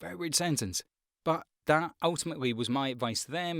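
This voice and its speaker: Male voice-over pro, mid pitch, casual frank advice, dry close recording. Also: a little fast, no echo. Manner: conversational, frank, with frequent ums and asides. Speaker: voice-over artist giving career tips. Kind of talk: casual advice talk to camera.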